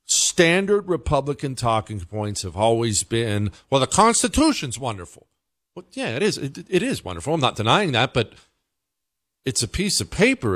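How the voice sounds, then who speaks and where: A man's voice: lowish voice, dry recording, clean studio sound. A male host giving casual, emphatic commentary, with stammered restarts.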